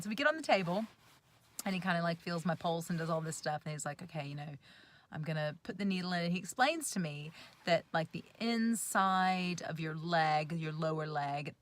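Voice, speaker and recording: A woman in her thirties vlogging from inside a parked car, telling a story in an animated, giggly, chatty way. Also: on the low side, slight background noise. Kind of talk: casual storytelling to camera.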